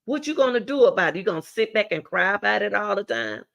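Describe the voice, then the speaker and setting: Gravelly, emphatic woman giving advice. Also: medium pitch, big pitch swings, quick pace, fairly bright tone. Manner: emphatic, blunt, repeats key words. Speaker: talk show host giving advice. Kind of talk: direct advice talk to a caller.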